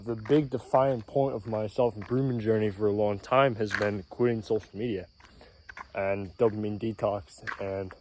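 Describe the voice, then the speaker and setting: A man vlogging outdoors in casual self-improvement talk, a little out of breath, rambling and clearing his throat, often tagging "right?". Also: lowish voice, a little mellow. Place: outdoors in nature, mosquitoes around. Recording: faint outdoor noise with insects.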